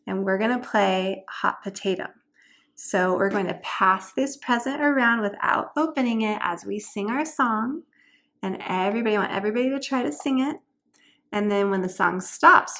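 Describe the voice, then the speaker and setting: A woman homeschool tutor chattily explaining classroom games and activities, now and then singing short learning songs. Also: mid-range voice.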